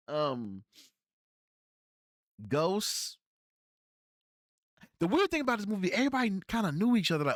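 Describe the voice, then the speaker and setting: A man giving a loose, slangy film review, his pitch swinging up and down as he rambles and restarts. He sits close to the mic in a dry, deadened room, and his voice sits a touch above the usual male pitch. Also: lively intonation, brisk, long pauses, a bit bright, no echo. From Cincinnati area, United States. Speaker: podcast host reviewing films. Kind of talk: casual spoken film review.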